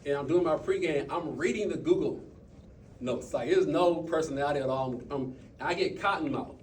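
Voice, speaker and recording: A man telling stories and coaching his team in an impromptu motivational talk, animated, with quick bursts and trailing asides. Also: on the high side, distant mic, a little hiss or hum. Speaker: speaker at a team meeting.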